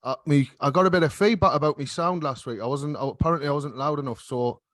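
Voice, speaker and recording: Man, podcast host, cheeky banter, mic right at his mouth, dry sound, slightly high pitch. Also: quick pace, a bit bright, no echo. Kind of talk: casual chat. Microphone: microphone held right up to the mouth.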